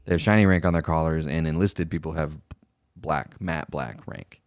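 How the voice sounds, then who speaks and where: A man's voice: extremely low pitch, moderate pace, no room sound, clean studio sound. A young man co-hosting a podcast, telling stories in casual chat, swearing freely and acting out the people he quotes. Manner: animated storyteller, swears freely, acts out quoted superiors. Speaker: podcast co-host.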